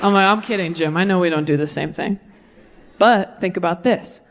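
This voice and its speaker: A young woman performing a stand-up comedy set, animated and quick to jump into high-pitched character voices. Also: crowd noise, background noise. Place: comedy club stage with audience laughter.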